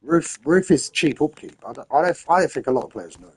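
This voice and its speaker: A man's voice: a little high, expressive, fairly quick, slightly rough, low-quality recording. A man giving rambling, casual commentary as he plays a game late at night, tired and repeating himself while handing out tips. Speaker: gamer streaming his play.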